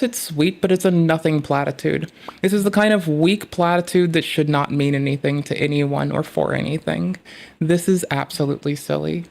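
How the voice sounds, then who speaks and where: A woman's voice: sits low, a little mellow. A woman streamer giving casual reaction commentary, rambling with profanity and sarcasm.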